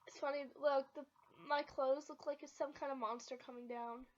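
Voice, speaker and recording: Her voice is high-pitched, fairly even in intonation, and moves at a normal speed. She is a young woman in her bedroom casually vlogging, spinning rambling stories for the camera amid lots of giggles, on a slightly dull lo-fi home recording.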